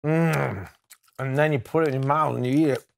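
A man's voice: mid-range voice, brisk, gravelly, no room sound. A man co-hosting a casual gaming chat, jokey and rambling as he clowns around. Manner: jokey, rambling, playfully silly. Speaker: co-host.

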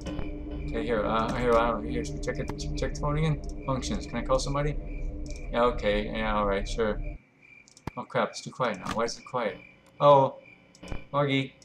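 A man's voice: mid-range voice, normal speed, long pauses, music in the background. Chatty self-mocking gameplay commentator man. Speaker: gameplay video host. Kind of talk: let's play commentary.

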